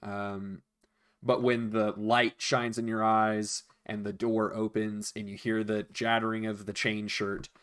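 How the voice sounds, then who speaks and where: A man's voice: lowish voice, clean tone. A man narrating a tabletop game as game master, rambling and chatty, with many fillers.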